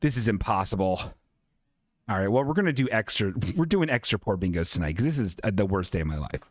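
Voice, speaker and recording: A man's voice: lowish voice, sing-song, fast talker. A man hosting a live-streamed podcast in casual chat, rambling, self-deprecating and swearing a lot. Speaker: podcast host.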